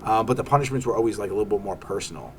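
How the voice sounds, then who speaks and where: A man's voice: on the low side, rapid-fire, slight background noise. A comedian, chatting in an interview and acting out quotes as he tells stories. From Staten Island. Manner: animated storytelling, acts out quotes. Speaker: comedian guest. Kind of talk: casual interview chat.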